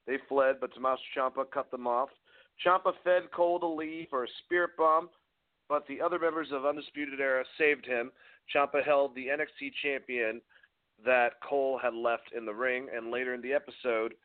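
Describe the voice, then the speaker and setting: A man co-hosting a podcast, recapping and chatting loosely with fillers and swearing. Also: mid-range voice. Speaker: podcast co-host. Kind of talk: casual chat and recap. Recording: tinny phone-like audio.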